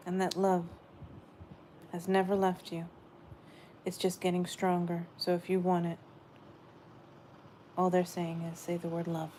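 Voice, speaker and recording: A woman giving a gentle, meandering spiritual message she says she is channeling, often repeating her phrases. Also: on the low side, completely flat delivery, a little slow, pauses often, slight background noise.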